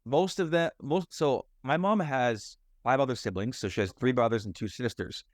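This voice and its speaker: A young American mindset and fitness coach candidly tells his life story in a podcast conversation, rambling with lots of "like" and "you know". He speaks in a mid-range voice at a moderate pace, recorded in studio quality with no room sound.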